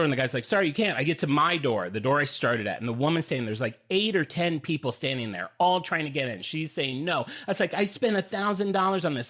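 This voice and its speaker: A podcast co-host tells a story in a casual chat, full of animation. When quoting people, he acts out their lines with big jumps in pitch.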